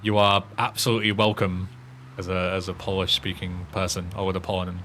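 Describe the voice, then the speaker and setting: A man's voice: low voice, flat delivery, fairly quick, a bit bright, slight background noise. A young man live-streaming a game, chatting casually, rambling and swearing often. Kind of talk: casual live-stream chat while gaming.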